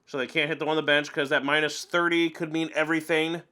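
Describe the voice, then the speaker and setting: A man with a bright, forceful voice pitched a bit high gives casual commentary over an online card game. He rants in an animated way and laughs a lot as he plays. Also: fast talker. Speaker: gameplay commentator.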